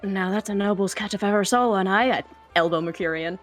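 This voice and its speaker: A woman's voice: medium pitch, a little fast, faint music behind. A woman playing a tabletop game, laughing often as she talks. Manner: giggly, lively. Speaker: player.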